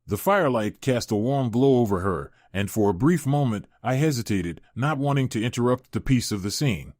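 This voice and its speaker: Male narrator, steady first-person storytelling, mid pitch, dry. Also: normal speed, no echo.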